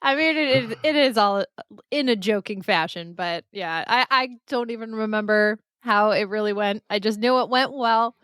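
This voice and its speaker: A woman's voice: medium pitch, normal speed, a bit bright, clean tone, no echo, clean studio sound. Congested, giggly female podcast co-host. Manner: giggly, upbeat. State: congested from a cold. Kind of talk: casual chat.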